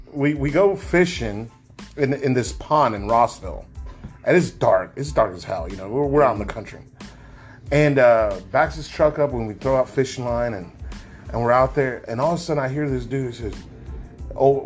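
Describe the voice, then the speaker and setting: A man in his thirties co-hosts a casual chat show with a medium-pitched voice at a moderate pace, faint music behind him. He's animated when telling stories, swearing freely and acting out voices.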